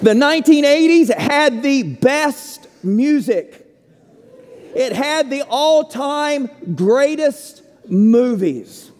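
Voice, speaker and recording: A man with a strikingly high voice delivers a sermon at an unhurried, deliberate pace. He leans on key words and leaves long pauses between them. The sound carries the long reverb of a large church hall. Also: expressive, darkish tone. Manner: slow, emphatic preaching with dramatic pauses. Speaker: pastor.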